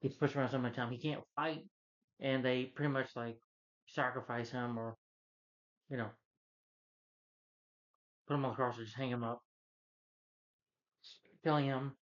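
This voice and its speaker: A man's voice: mid-range voice, steady tone, moderate pace, pauses often, highs cut off. A man rambling through a casual, profane movie review rant, full of fillers and restarts. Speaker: film reviewer.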